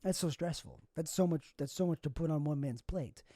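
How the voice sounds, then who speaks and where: A man's voice: on the high side, fairly quick, dark tone, no echo, clean studio sound. A young man hosting a solo comedy podcast, rambling through goofy, absurd tangents. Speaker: podcast host.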